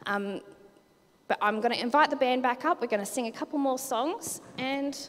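A woman's voice: high voice, normal speed, big-room sound. A young woman giving her first sermon, chatty and personal, a little nervous. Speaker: preacher.

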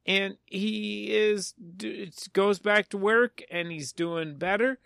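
On a podcast, a male co-host casually recaps a film's plot, rambling and poking fun at himself. His voice is high-pitched and slow, with a steady tone that's gravelly, smooth and a bit bright. The recording is dry.

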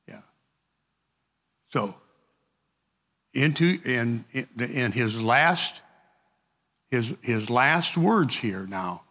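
A man leads a group Bible study in a bright, forceful voice. He speaks slowly and conversationally, often repeating words and restarting sentences. His voice carries a long reverb, as if the room is large and hard-walled. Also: mid-range voice.

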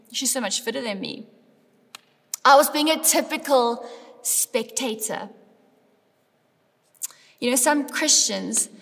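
A high-pitched woman, middle-aged, delivers a lively, emphatic sermon to her congregation. Her voice rings out with a long reverb in the church hall. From South Africa. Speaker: preacher.

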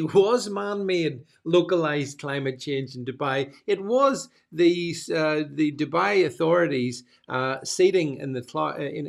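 A man's voice: a little high, vocal fry. A man hosting a casual panel discussion, rambling with many restarts and fillers. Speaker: host.

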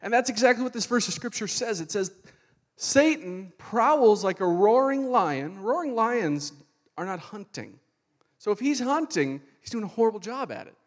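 A man preaching a sermon with animated, fervent delivery. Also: sits high, brisk. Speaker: pastor.

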